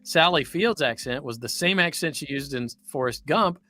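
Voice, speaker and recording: A man's voice: a little high, expressive, normal speed, bright, forceful tone, faint music behind. A man with a Southern US accent from Louisiana, chatting casually as a voice actor on a livestream and rambling into stories.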